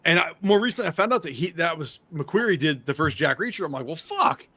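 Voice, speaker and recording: An American man hosting a podcast in casual chat, animated and swearing freely as he talks. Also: fairly high pitch, no echo. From United States. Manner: fast, animated, swears a lot, excitable. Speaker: podcast host.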